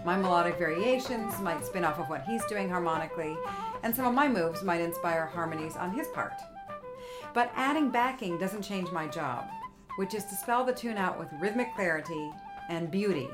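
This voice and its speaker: In her home kitchen, a woman with a lowish, animated voice hosts a podcast as a music teacher, giving a casual spoken lesson at a moderate pace. She explains step by step and now and then sings phrases of the tune on syllables.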